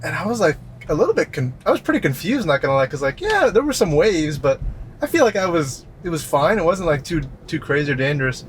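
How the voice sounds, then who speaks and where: Man, casual car-podcast co-host, slightly high pitch, rambling self-deprecating storyteller. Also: fast, a little hiss or hum. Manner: relaxed, self-deprecating storytelling with many fillers. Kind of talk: casual chat. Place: inside a moving car.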